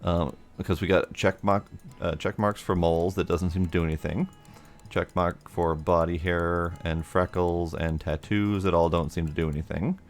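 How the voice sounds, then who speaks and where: A man's voice: low voice, steady tone, moderate pace. A man streaming a video game, chatting casually and laughing often as he plays. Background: faint game music.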